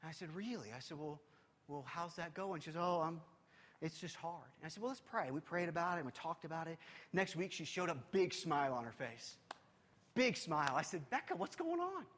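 Youth pastor guy preaching, high voice all over the place, big echoey hall. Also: brisk, slight background noise. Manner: animated preaching, swinging from loud urgency to hushed intimacy. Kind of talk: sermon.

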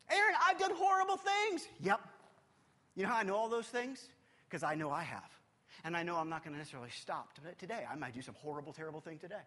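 A man preaching a sermon as a youth pastor, animated and urgent, often dropping to a hushed, intimate tone. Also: a little high, in a large hall.

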